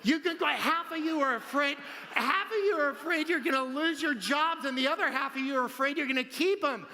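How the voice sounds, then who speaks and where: A man giving an animated, storytelling conference talk, laughing often as he goes. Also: very high-pitched, a little fast, big-room sound, slight background noise. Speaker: conference speaker. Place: large conference hall.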